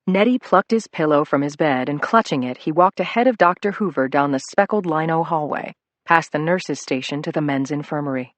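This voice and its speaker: An audiobook narrator telling a crime story in a measured, dramatic way on a close studio microphone. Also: mid-range voice, fairly bright tone, no room sound.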